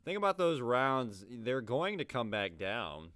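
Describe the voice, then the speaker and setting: A man reacting to clips in casual commentary, his voice swinging widely as he swears in disbelief. The sound is smooth and resonant, close and dry with no room around it. He keeps breaking into laughter and exasperated asides. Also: medium pitch, sing-song, a little slow, a bit bright, no room sound. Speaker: reaction video host.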